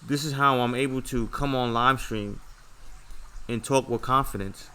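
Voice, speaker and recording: A young man talks from home on a casual livestream, earnest and a little preachy as he lectures his viewers. His voice is bright and forward, and he keeps checking in with them as he goes. The pitch sits in the middle for a man. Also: steady tone, normal speed, clear, resonant tone. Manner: earnest, repetitive, lecturing with many "okay" and "all right" checks. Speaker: trading livestream host.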